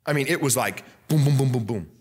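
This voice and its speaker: A young man preaching a fiery Baptist sermon, loud and emphatic, repeating scripture lines and swinging from soft asides up to high, excited preaching. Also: a little fast, slightly rough. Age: young adult. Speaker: pastor.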